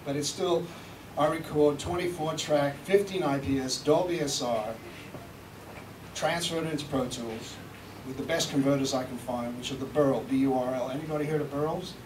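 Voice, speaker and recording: In an echoey room recorded from a distance, with background noise, a British man leads a live seminar and demo, chatty and jokey with mild swearing. He's a recording engineer, speaking at normal speed in a fairly high voice.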